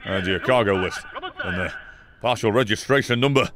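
A young man giving sarcastic, swearing commentary while playing a game, with sudden loud outbursts. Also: lowish voice, moderate pace, no echo. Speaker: gaming YouTuber. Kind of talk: let's play commentary.

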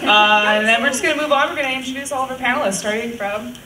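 A woman's voice: high voice, rapid-fire. A young woman hosting a fan cosplay panel at a convention, upbeat and playfully bossy, laughing often. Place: large echoey convention hall. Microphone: handheld mic, heard from a distance. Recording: echoey hall from far off, loud noise.

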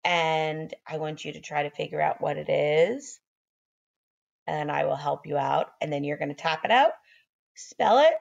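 Slow, low-voiced kindergarten teacher. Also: female voice, creaky, muffled recording. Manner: encouraging, sounds out letters slowly. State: sleepy, keeps yawning. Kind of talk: phonics lesson for young children.

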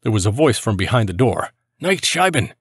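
A man reading a war memoir aloud in the first person, in a steady, grave storytelling manner. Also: lowish voice, fast, husky, no echo, studio quality. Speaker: narrator reading a soldier's memoir. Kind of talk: scripted first-person narration.

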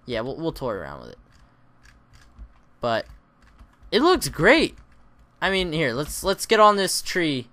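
A man hosting a Let's Play, chatting casually and rambling through his gameplay with self-mocking, excitable asides. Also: fairly high pitch, unhurried, pauses often. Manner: lively, excitable exclamations.

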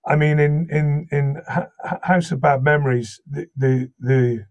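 A man with a slight Welsh accent, from Wales, chatting casually as a guest voice actor and telling lively anecdotes. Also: fairly high pitch, measured pace, highs cut off. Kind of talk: casual interview chat.

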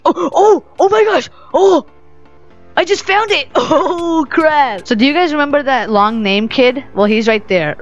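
A woman giving playful gaming commentary as a video host, giggly and excitable, breaking into high squealing outbursts. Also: lo-fi sound.

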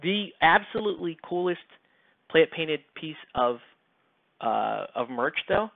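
A man's voice: fairly high pitch, big pitch swings, takes it slowly, vocal fry, dry recording. Man, hobby channel host, casual chat, rambling, filler-heavy, swears, dry, phone-like audio. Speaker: miniature painting channel host. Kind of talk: casual chat while painting. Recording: tinny phone-like sound, dry.

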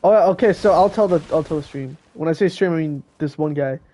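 A man's voice: fairly high pitch, fast talker, warm tone. A teenage boy streaming a video game, joking and chatting casually with friends on a call. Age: teens. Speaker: gaming streamer. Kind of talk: casual live-stream commentary.

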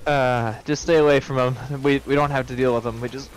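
A man's voice: mid-range voice, steady tone, brisk, rough recording. A man casually chatting and giving his opinions while playing a co-op game, cursing when things go wrong. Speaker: gamer playing co-op. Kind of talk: casual co-op gameplay banter.

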